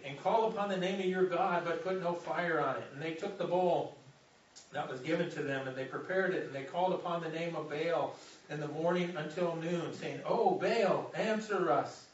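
Male pastor, slightly high voice, distant dull sanctuary sound, lively sermon reading with asides. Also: heavy reverb, slight background noise. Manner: animated, jokey asides between readings, repeats words when restarting.

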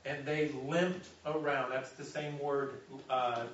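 A man's voice: medium pitch, slow pace, a little hiss or hum. Male pastor preaching in a roomy hall. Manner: animated, jokey asides between readings, repeats words when restarting. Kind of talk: sermon with scripture reading. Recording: roomy, distant, dull-sounding sanctuary audio.

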